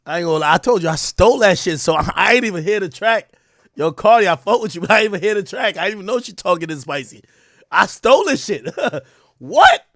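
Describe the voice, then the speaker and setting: Excitable high-voiced man reacting on stream. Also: fast, no room sound, studio quality. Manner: excitable, profane, slangy, repeats himself. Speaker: livestream host. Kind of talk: casual livestream reaction commentary.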